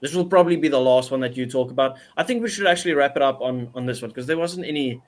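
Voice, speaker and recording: A man's voice: mid-range voice, fast talker. A man co-hosting a casual sports podcast, blunt and opinionated. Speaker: podcast co-host. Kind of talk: casual rugby chat.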